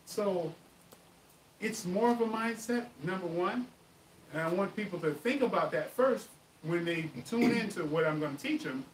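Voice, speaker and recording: A man hosts a live martial arts question-and-answer stream, telling stories with animated emphasis. His voice sits fairly high. It comes from off-mic in an echoey room with a faint hiss. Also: normal speed, far from the mic. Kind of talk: live stream chat and storytelling.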